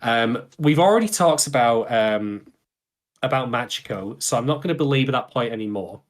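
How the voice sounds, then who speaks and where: A man co-hosting a casual podcast discussion, at an ordinary middle pitch. He is chatty and thinks aloud, often backtracking to correct himself mid-sentence. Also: lively intonation, moderate pace. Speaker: podcast co-host.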